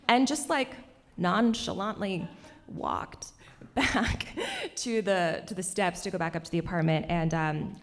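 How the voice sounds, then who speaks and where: A young woman telling a personal story on stage at a cultural center, animated and laughing often between lines. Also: lowish voice.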